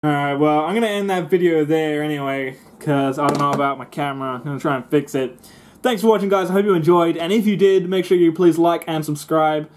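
A man's voice: on the high side, brisk. A young man commentating a video game, swearing and grumbling with sarcastic frustration. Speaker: gaming YouTuber. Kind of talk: let's play commentary.

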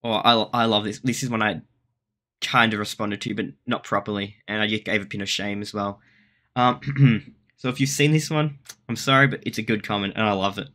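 A man's voice: on the low side, fairly even intonation, brisk, pushed and bright. An Australian man vlogging casually in a rambling, self-deprecating way, often restarting his sentences. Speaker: YouTuber. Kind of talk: casual vlog commentary.

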